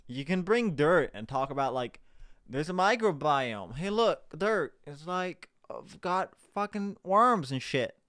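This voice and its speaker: A man's voice: on the high side, expressive, measured pace, fairly bright tone, dry recording, clean studio sound. A young man reacting to a clip, sarcastic and profane, rambling and restarting his sentences. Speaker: reaction video host. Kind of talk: casual commentary over a played clip.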